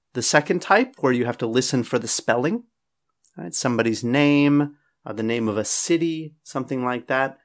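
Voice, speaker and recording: A man who is a test teacher and writer, giving a casual lecture from his office and checking in with "okay?" after nearly every point. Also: medium pitch. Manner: frequent checking "okay?" and "all right?". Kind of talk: casual classroom lecture to camera.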